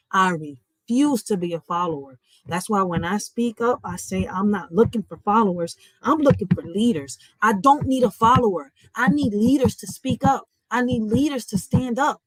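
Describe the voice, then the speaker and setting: A woman's voice: mid-range voice, moderate pace, hardly any pauses, no echo, rough recording. A woman, hosting a livestream from home in an impassioned, preachy rant, swearing freely. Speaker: livestream host.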